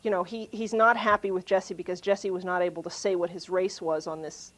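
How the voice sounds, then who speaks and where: A woman's voice: on the low side, fairly even intonation, a little fast, fairly bright tone, rough recording. A woman hosting an arts interview, asking direct, probing questions.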